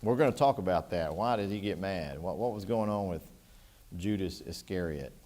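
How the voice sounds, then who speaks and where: A man's voice: deep voice, animated, moderate pace, a little mellow. A man teaching a church Bible class, talking through scripture in a conversational way and putting questions to the class.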